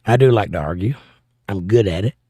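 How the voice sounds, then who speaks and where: A man's voice: lowish voice, fairly quick, mellow, husky, dry recording. Joking American man reading live chat. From United States. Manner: joking, playfully combative banter. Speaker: livestream host. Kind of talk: casual livestream chat, reading viewer comments.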